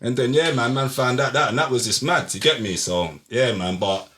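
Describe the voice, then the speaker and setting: A man's voice: medium pitch, normal speed. A young man with a London accent, a podcast guest chatting casually and acting out voices in his stories. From England. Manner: animated storyteller, acts out voices, slangy.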